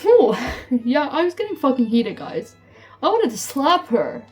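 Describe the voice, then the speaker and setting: A young woman telling a storytime vlog, swearing freely and filling her talk with "like", heated and animated. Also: high voice, a little slow. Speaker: storytime vlogger. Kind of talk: casual storytime rant. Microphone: phone. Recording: phone mic from a distance with faint music.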